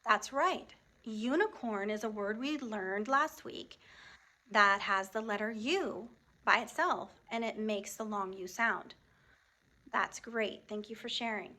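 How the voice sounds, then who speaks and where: A woman teacher giving a phonics lesson to young students, speaking slowly and enunciating each word clearly while praising and prompting the class. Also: medium pitch, pushed and bright. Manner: slow, clearly enunciated, encouraging teacher talk.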